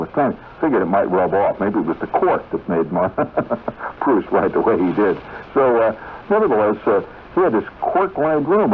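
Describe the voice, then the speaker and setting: A radio host from the 1970s, deep-voiced, rambles through a story told straight to his audience, full of side remarks and tangents. His sound comes through thin and tinny as if over a phone line, with a light hiss in the background.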